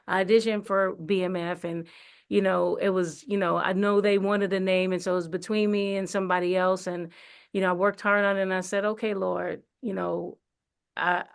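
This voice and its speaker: A woman's voice: lowish voice, little pitch movement, moderate pace, gravelly, smooth. A woman, an actress, telling her story in a casual interview, chatty with many fillers and restarts. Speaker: actress and singer, interview guest. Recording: radio studio interview.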